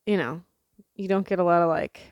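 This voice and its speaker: A woman's voice: lowish voice, fairly quick, darkish tone, no room sound, dull audio. A young woman from the Midwest chatting casually to camera as a vlogger, rambling with lots of fillers and the odd swear word.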